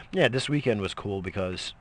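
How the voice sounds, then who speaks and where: A man's voice: on the low side, a bit bright. A middle-aged man in a casual, rambling monologue, swearing freely and coughing between lines. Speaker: vlogger.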